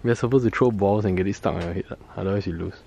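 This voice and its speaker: A man's voice: on the low side, rapid-fire, vocal fry, warm tone, highs cut off. A young man with a Singaporean English accent, vlogging in a chatty, jokey way and laughing easily as he wanders through shops and streets. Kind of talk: casual vlog narration. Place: out and about in city streets and shops. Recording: noisy outdoor street recording.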